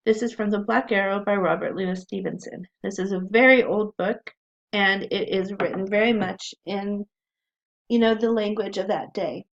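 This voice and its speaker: A woman's voice: medium pitch, fairly even intonation, moderate pace, vocal fry. A woman teaching a recorded writing class, explaining in a friendly way with frequent ums, on a dull lo-fi recording.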